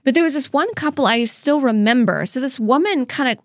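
A woman's voice: high-pitched, a little fast, no room sound, studio quality. A woman telling a story in casual podcast chat, acting out the people in it. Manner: animated anecdote teller, acts out voices.

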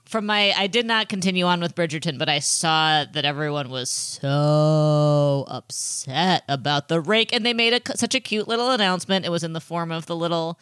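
Smooth, bright-voiced chatty woman. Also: low-pitched, moderate pace, hardly any pauses, no room sound, clean studio sound. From Ireland. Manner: chatty, lots of "like", wry. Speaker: podcast co-host. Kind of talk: casual chat.

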